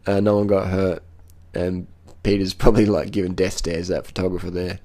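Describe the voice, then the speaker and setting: A man's voice: sits low, flat delivery, fairly quick, dark tone. A man giving casual running commentary on race footage as a cycling vlogger, blunt and profane, repeating short phrases.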